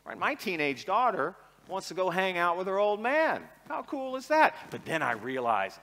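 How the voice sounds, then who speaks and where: Animated joking man in an echoing arena. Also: high voice, normal speed, hardly any pauses. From Seattle. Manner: irreverent, joking, acts out dialogue. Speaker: keynote speaker. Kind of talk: conference keynote talk. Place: large arena. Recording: arena reverb.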